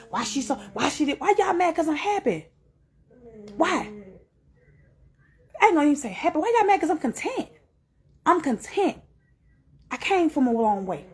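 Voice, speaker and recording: Earnest woman giving heartfelt testimony. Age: middle-aged. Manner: earnest, repetitive, rising to high emphatic peaks. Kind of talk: emotional spoken testimony.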